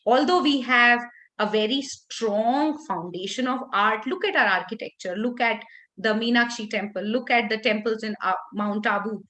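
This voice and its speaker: Lady trainer, highish voice, lots of ups and downs in her tone, restarts a lot. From India. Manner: expressive, varies intonation, frequent restarts. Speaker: workshop trainer for teachers. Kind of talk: lively teacher-training workshop talk.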